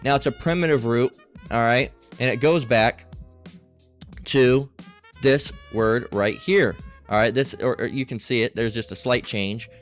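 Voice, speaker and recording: A man's voice: medium pitch, a little slow, soft background music. A man leading a screen-share Bible study lesson, talking emphatically and checking in with "all right?" and "okay?". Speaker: Bible teacher.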